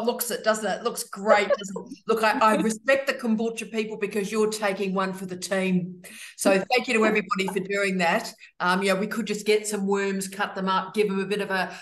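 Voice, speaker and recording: Female host, effusive and teasing, roomy video call sound. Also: mid-range voice. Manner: effusive, teasing, fast greetings. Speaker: host of online office hours. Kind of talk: casual video call chat. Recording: roomy echo.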